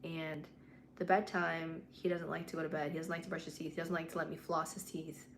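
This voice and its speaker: Lowish-voiced woman chatting on a livestream. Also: level tone, fairly quick, creaky, slight background noise. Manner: mixes english and spanish, swears freely, candid. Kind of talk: casual livestream chat. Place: home at night.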